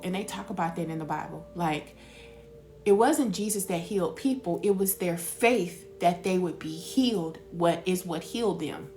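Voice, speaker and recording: A woman giving a casual spiritual talk as a reader, telling stories in an animated way and calling her listeners baby. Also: medium pitch.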